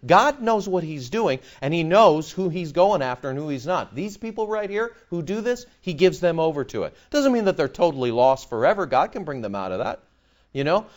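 Animated male preacher, lively pitch. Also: a little fast. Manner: animated, mimics voices in anecdotes. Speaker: pastor. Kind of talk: sermon.

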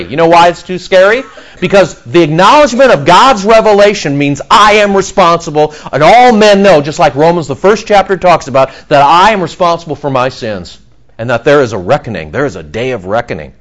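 A male pastor delivers a sermon with a lively, swinging pitch that sits a little high for a man. He works through a scripture passage and keeps breaking into quick acted asides in the voices of the crowd.

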